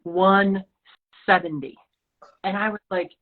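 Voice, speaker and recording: A woman with a fairly low voice speaks at a moderate pace, guesting on a podcast and telling a personal story in conversation. She's from the Rocky Mountain region of the US and narrates with animation, acting out the quoted dialogue. The line sounds lo-fi, like a phone call.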